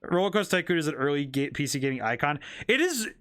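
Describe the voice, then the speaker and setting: Streamer man, fairly high and bright, animated, rambling asides over faint game music. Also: quick pace. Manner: rambling, thinking aloud with many restarts. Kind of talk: casual gameplay commentary.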